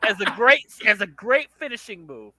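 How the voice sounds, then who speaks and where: A man's voice: high voice, very animated, moderate pace, crowd noise. A man co-hosting a casual wrestling podcast, needling and mocking his friend's opinions. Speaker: podcast co-host.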